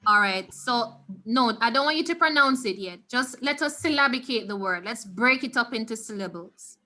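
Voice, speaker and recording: A Jamaican woman leads an online Spanish lesson through her computer mic, patiently sounding words out again and again for her students. Her voice sits a little high and comes across bright and crisp. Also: lively intonation, normal speed. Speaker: Spanish teacher. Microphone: computer mic on a video call.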